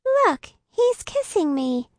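A woman's voice: very high voice, big pitch swings, slow, no echo, clean studio sound, pitched above the performer's own voice, exaggerated voice. A woman voicing a cheerful, naive little girl who dotes on a monster pet, in a gushing sing-song way. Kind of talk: audiobook character voice.

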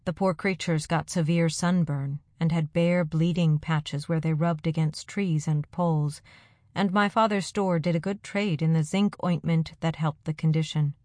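A woman narrating a first-person audiobook in an even storytelling delivery. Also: low-pitched, moderate pace, no echo. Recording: dry close studio sound.

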